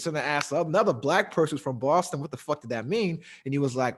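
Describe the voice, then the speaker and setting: A man's voice: a little high, racing, hardly any pauses, breathy edge. A young adult man hosting a casual podcast, telling loose, profane stories with frequent laughs. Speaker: podcast host.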